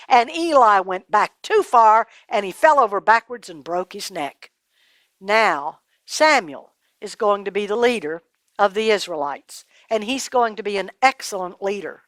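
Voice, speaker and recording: A woman telling a Bible story to children in an animated, dramatic way, dropping her voice to a hush at times. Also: medium pitch, measured pace, dry recording.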